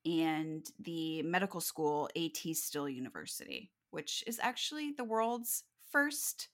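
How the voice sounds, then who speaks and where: A woman's voice: deep voice, animated, a little slow, a bit bright. A woman co-hosting a true-crime podcast, telling the case in casual talk, swearing and joking as she goes. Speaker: podcast co-host.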